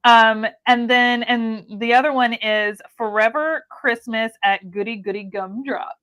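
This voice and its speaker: A woman's voice: fairly high pitch, steady tone, a little slow, a bit bright, clean tone, no room sound. A woman co-hosting a live stream, chatting in a bubbly, laughing way. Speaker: co-host. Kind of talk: casual livestream chat.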